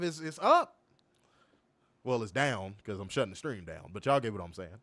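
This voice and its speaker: A young man co-hosting a wrestling review livestream, reading chat comments and trash-talking in a profane, animated way. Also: fairly low pitch, moderate pace, pauses often, dry recording. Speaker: wrestling podcast co-host.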